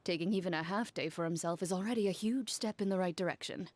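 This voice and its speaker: A woman playing a composed, blunt young woman who speaks in a calm, matter-of-fact way. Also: fairly low pitch, fast talker, close to an everyday voice. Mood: dry. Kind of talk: game dialogue voice acting. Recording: game cutscene with faint music.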